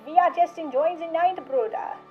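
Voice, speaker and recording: A woman's voice: extremely high pitch, moderate pace, highs cut off, faint music behind, voice pushed up. Woman doing a whiny, cocky drunk brother. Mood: teasing. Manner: whiny, teasing. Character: cocky drunk young man, teasing big brother.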